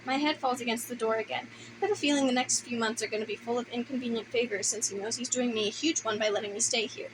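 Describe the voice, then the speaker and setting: A woman reads a first-person novel in a wry, conversational voice that sits fairly high. A steady background noise runs under the recording. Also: fast talker. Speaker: audiobook narrator.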